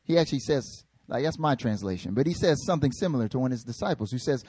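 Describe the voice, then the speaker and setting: A man preaching a casual, joking sermon in an animated, slangy way. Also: medium pitch, fast, slightly rough, no room sound.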